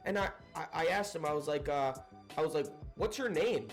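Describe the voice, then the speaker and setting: A man's voice: a little high, brisk, soft background music. Young man telling a profane story. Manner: profane, animated, laughing retelling. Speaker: storyteller vlogger. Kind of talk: casual storytime.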